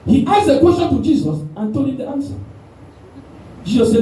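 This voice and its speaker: A man preaching a sermon with animated call-and-response, recorded in a church hall with the mic at a distance. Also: extremely high pitch, fairly quick. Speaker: pastor. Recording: echoey room, mic at a distance.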